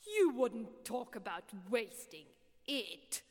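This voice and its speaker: A woman voicing a haughty, mournful man, the hatter at a tea party, speaking slowly and emphatically. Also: on the high side, sing-song, heavily acted. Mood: contemptuous. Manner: slow, emphatic, contemptuous delivery. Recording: long reverb.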